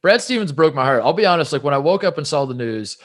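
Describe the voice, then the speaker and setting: A man's voice: on the high side, expressive, quick pace. A man co-hosting a sports podcast in casual chat, rambling and self-deprecating, with many restarts. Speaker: podcast co-host.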